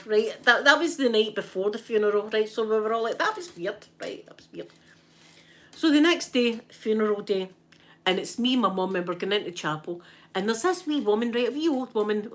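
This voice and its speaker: A Scottish woman telling a story to her live chat in a casual way, acting out what people said and often asking "right?". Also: mid-range voice. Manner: animated, tags lines with "right?", acts out what people said. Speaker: ASMR streamer chatting with viewers.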